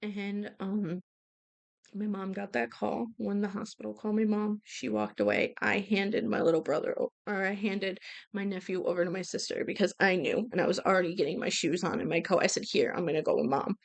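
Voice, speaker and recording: A young woman hosting a podcast, telling a personal story of losing her father in a halting, emotional way full of fillers and restarts. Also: medium pitch, vocal fry. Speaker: podcast host. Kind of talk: personal storytelling about grief.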